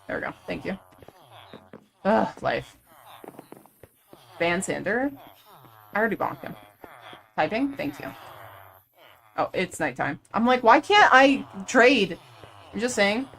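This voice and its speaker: A young woman streaming live, chatting casually and rambling while she plays, quick to laugh. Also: mid-range voice, lively intonation, vocal fry. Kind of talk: casual chat while gaming.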